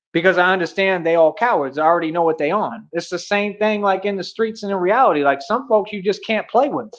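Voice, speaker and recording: A man's voice: a little high, lo-fi sound. A young American man streaming a casual rant. He is boastful and confrontational, and he talks in street slang. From United States.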